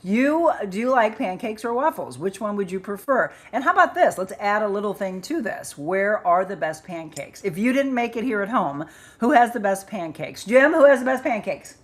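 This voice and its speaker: A woman's voice: medium pitch, animated, normal speed. A woman hosting a live chat show, upbeat and chatty as she reads out viewers' comments and names. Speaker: livestream host.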